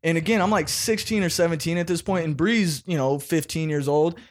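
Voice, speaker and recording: A man's voice: on the high side, a little fast. A man hosting a casual podcast chat, telling stories animatedly and swearing freely.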